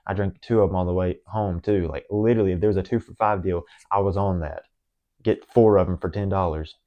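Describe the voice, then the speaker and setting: A young adult vlogger with a drawl and a lowish voice rambles earnestly through a personal confession to the camera, tripping over restarts and fillers. His intonation is fairly even, he talks a little fast, and the sound is lo-fi.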